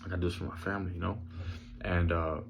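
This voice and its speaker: A man talking casually in a vlog, laid-back and rambling with lots of fillers, hoarse from losing his voice. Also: low-pitched, level tone, fast talker, slight background noise. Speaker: vlogger sharing his recovery journey.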